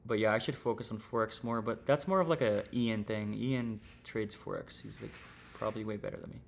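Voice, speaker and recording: On his stream, a young man with a gravelly voice heavy in vocal fry walks through a trading lesson, casual and rambling with plenty of slang and filler words. His voice is lowish and his pace brisk, with faint hiss beneath the recording.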